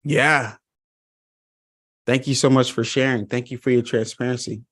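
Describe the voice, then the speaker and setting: A man's voice: mid-range voice, steady tone, moderate pace, fairly bright tone. Earnest male trainer leading an online session. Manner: earnest, emphatic, addresses listeners directly.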